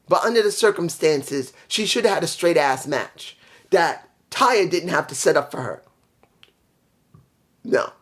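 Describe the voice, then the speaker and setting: A man giving a casual solo review of a wrestling show, rambling and blunt, swearing freely and trailing off with fillers when he forgets details. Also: fairly high pitch. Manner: rambling, profane, blunt opinions.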